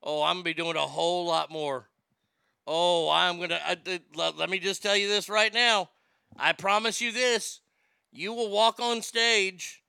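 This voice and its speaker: A man's voice: high voice, steady tone, unhurried, gravelly, pushed and bright, smooth, no echo, studio quality. Stammering, boastful male show host. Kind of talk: casual chat.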